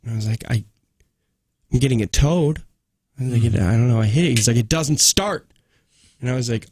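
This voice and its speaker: A man's voice: mid-range voice, a little fast, pauses often, a little mellow, no echo, studio quality. A male radio morning show host casually telling a story on air, acting out both sides of his phone calls. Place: radio studio. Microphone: studio microphone.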